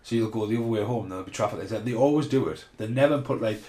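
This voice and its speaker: A man's voice: on the low side, very fast, warm tone. A man hosting a casual film commentary podcast, rambling and swearing freely as he rants. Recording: roomy echo.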